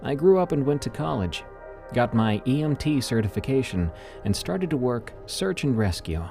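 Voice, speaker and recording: A man reading a first-person horror story in a measured, ominous way. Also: mid-range voice, big pitch swings, gravelly, mellow, soft background music.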